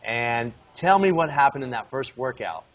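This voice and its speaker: A man's voice: mid-range voice, lively intonation, normal speed. A man hosting an interview, asking questions and summarizing reflectively. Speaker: host. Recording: dull audio with faint noise.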